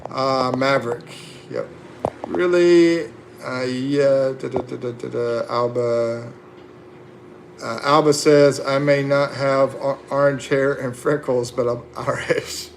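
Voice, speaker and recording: A man's voice: mid-range voice, steady tone, slow, gravelly, slight background noise. A man hosting a casual livestream, reading viewer comments aloud and chatting back with laughs and fillers. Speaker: livestream host.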